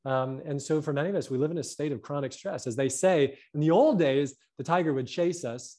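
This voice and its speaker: Animated man with a raised voice. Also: on the high side, brisk. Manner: animated, tags points with "right?". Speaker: health guest. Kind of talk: casual conversation.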